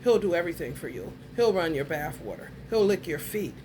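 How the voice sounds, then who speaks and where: A woman vlogger with a lowish, sing-song voice speaks fairly quickly in a casual monologue to her viewers, telling a story bluntly and heatedly with plenty of profanity. There's background noise.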